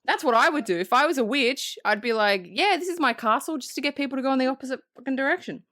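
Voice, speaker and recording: A woman co-hosting a podcast, recapping a film in casual, profane, animated chat. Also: sits high, fast talker, no echo, clean studio sound. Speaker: podcast co-host.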